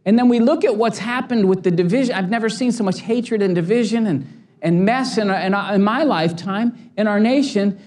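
A man's voice: high voice, normal speed, darkish tone. A man in his forties, a pastor preaching a sermon with passion and humorous stories. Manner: impassioned, storytelling with humor.

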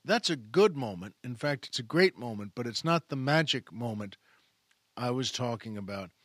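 A man's voice: medium pitch, expressive, moderate pace, a bit bright, no echo, studio quality. A male host in a casual, folksy monologue, retelling a movie scene in detail and addressing listeners as folks. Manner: folksy, retells a film scene with acted quotes. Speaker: podcast host. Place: Southern California.

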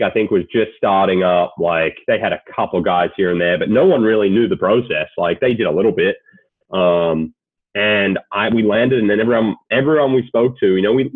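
A man's voice: fairly low pitch, breathy edge, no echo. A man in his late twenties with an Australian accent, a guest telling a story in a laid-back, casual way, swearing freely. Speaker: guest, sports agent. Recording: tinny phone-like call audio.

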